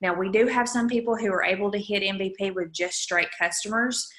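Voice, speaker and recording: A woman's voice: mid-range voice, brisk, fairly bright tone. Upbeat woman coaching on a roomy call. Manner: chatty and upbeat, with frequent asides to listeners. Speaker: sales team leader coaching her team. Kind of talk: casual coaching talk on a video call. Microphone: video call microphone.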